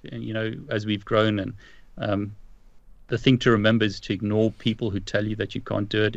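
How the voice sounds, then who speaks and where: A man from South Africa with a South African accent, talking as a podcast guest in an unhurried, encouraging way, often pausing to search for words. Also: on the low side, vocal fry, no echo, dull audio. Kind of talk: casual chat.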